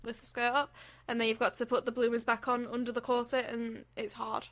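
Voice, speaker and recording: A woman's voice: a little high, little pitch movement, a little fast, fairly bright tone, no room sound. A young woman co-hosting a casual podcast, rambling and chatty, swearing now and then. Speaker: podcast co-host. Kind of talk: casual chat.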